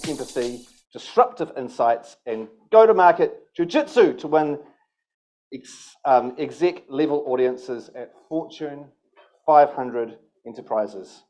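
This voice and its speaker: A man's voice: mid-range voice, lively intonation, a little slow, a little mellow, low-quality recording. A man working as a conference emcee, introducing the next speaker in an announcer-style build-up. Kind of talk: stage introduction.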